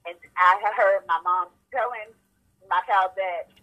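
A woman's voice: mid-range voice, unhurried, pushed and bright, lo-fi sound. A woman guest in an interview, telling her personal story candidly with many stammered restarts.

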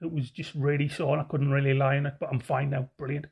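A man's voice: mid-range voice, little pitch movement, fast, creaky, a little mellow, husky. A young man with a Sunderland accent, co-hosting a podcast in a chatty, joking way. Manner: chatty, jokey storytelling. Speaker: podcast co-host. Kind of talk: casual chat.

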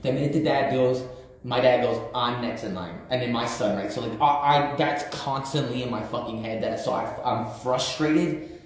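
Speaking at normal speed in a mid-range voice, a man in his thirties talks casually on a livestream. He is blunt and profane, heavy on street slang and repetition, and the room is very echoey.

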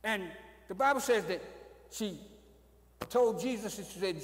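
A man preaching in a church sanctuary, his voice sitting high for a man. He swings between loud, raised exclamations and low, quiet storytelling, dropping "amen" between phrases. The sound is roomy, with a long reverb trailing off the walls. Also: expressive, measured pace, pauses often. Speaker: pastor. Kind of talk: sermon. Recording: echoey church hall.

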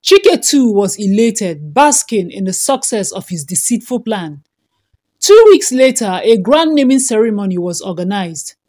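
A woman narrating a folktale in an expressive, dramatic storytelling style. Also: mid-range voice, measured pace.

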